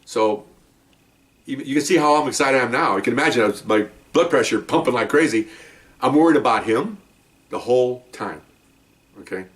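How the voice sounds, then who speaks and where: A man, a former police officer, telling a story in a casual, animated way and acting out the people in it. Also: mid-range voice, fairly quick, long pauses, recorded from a distance. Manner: animated, acts out quotes with rising voice.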